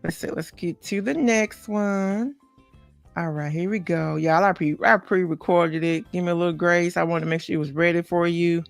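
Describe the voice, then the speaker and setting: A woman's voice: on the low side, fairly even intonation, moderate pace, creaky, no echo, soft background music. A woman hosting a celebrity gossip podcast in casual chat, talking straight to her viewers with many asides. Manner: chatty, talks straight to viewers, many asides and "okay?" tags. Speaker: podcast host.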